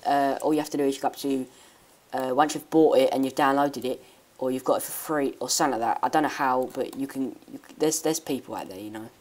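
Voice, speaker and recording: A woman giving a rambling, hesitant software tutorial with many restarts. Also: extremely low pitch. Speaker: tech YouTuber. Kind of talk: screen-recording software tutorial.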